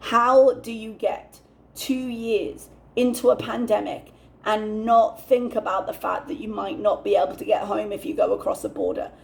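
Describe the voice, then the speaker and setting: A young woman talks through her commentary with a noticeable gravelly fry in her voice, sitting at a middling pitch. She rants openly and swears without holding back, and her tone stays candid and unfiltered. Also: a little mellow. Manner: ranting, candid, swears freely. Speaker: reaction channel host.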